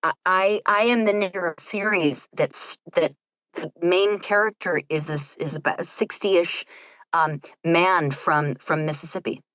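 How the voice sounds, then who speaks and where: A woman audiobook narrator as a guest in a casual chat, rambling and self-mocking, acting out quotes with sudden high jumps. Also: steady tone, unhurried, a bit bright, no echo, low-quality recording.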